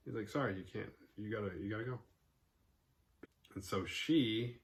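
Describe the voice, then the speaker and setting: A man casually recapping a horror film for his video channel, swearing freely and acting out the characters' lines in jokey voices. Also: lowish voice. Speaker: horror movie review vlogger. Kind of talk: casual profane movie recap.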